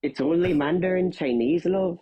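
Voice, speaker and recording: A man voicing a gruff Northern Irish militant with a Belfast accent and a lilting delivery that rises at the end of lines. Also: a little high, normal speed, a crowd in the background, lightly acted, poor audio. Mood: insistent. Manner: lilting, sentences rising at the end.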